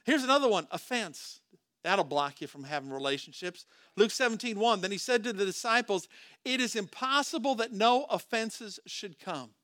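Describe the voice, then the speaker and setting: A male pastor preaches in a high, bright voice, speaking conversationally at a normal speed. He is expressive, hurls rhetorical questions at the congregation and frequently starts his phrases over. The recording is dry and close.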